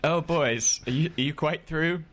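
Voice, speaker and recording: A man voicing a young woman in danger who begs for protection, in a breathy, melodramatic way. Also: on the high side, moderate pace, a bit bright, pitched above the performer's own voice, natural voice. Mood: pleading. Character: damsel in distress, young woman seeking protection.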